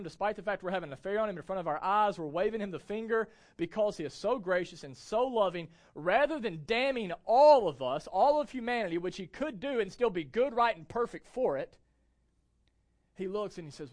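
A man's voice: sits high, expressive, a little fast. A young adult man giving a church sermon as pastor, speaking with emphasis and asking the congregation frequent rhetorical questions.

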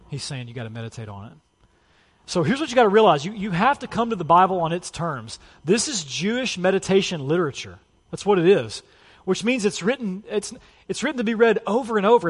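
Casual pastor preaching in a reverberant church. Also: male voice, high voice, sing-song, fast talker, slightly rough. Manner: casual, conversational preaching with many "like" and "you know" fillers. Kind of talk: sermon. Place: church sanctuary. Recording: long church hall reverb.

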